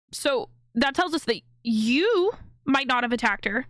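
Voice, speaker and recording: A woman's voice: sits high, expressive, a little slow, fairly bright tone, no echo, clean studio sound. A woman streamer giving live reaction commentary on a video, blunt and indignant, swearing freely.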